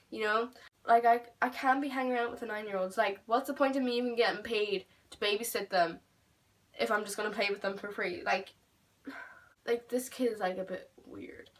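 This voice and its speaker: Teenage Irish girl vlogger, casual storytime, animated and sweary, mid-pitched, mic a little distant. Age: teens. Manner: animated, swearing, lots of "like" fillers. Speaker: beauty vlogger.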